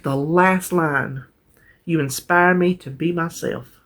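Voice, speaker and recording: A woman's voice: on the low side, takes it slowly, slight background noise. A woman chatting casually to camera as a vlogger, talkative and heartfelt. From North Carolina, USA. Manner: chatty, warm-hearted, trails off and restarts.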